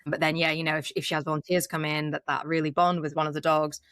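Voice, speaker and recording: A woman's voice: sits low, flat delivery, fast, a bit bright, clean tone, dry recording, clean studio sound. A woman guest in a casual podcast interview, talking earnestly and rambling a little as she tells her story. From United Kingdom.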